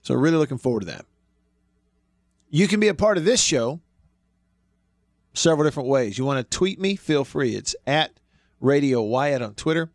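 A man's voice: fairly high pitch, lively intonation, normal speed, pauses often, no echo. Laughing male sports radio host, dry studio sound. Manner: laughs often while telling stories. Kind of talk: casual radio show chat.

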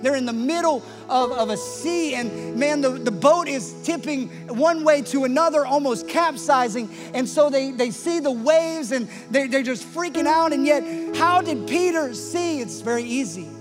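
A man preaching a sermon with passion, swinging from loud emphasis to hushed tones. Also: very high voice, normal speed, few pauses. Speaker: pastor. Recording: long church-hall reverb with faint music.

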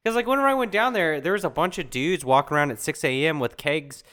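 A man's voice: on the high side, quick pace, a bit bright. A man co-hosting a beer podcast, telling a loose travel story full of swearing. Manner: profane, storytelling. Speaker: podcast co-host. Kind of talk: casual chat.

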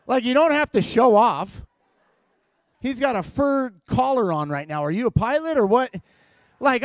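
A man's voice: high voice, dry recording. A man preaching as a guest in church, opening with playful, teasing, self-mocking humor to a live congregation.

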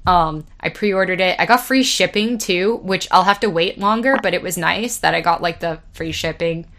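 A woman's voice: lowish voice, moderate pace, a bit bright. A woman in her twenties hosting a casual solo podcast, rambling and swearing freely and laughing at her own jokes. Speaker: podcast host.

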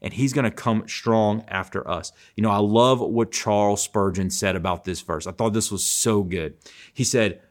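A man's voice: fairly low pitch, moderate pace. A man preaching a sermon, earnest, repeating phrases for emphasis, with frequent stammering restarts.

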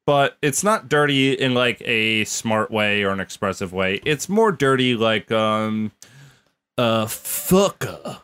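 A man's voice: on the low side, expressive, a little slow, few pauses, pushed and bright, clean tone. A man co-hosting a podcast, telling a story in a blunt, opinionated way with casual swearing. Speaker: podcast co-host. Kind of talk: casual chat.

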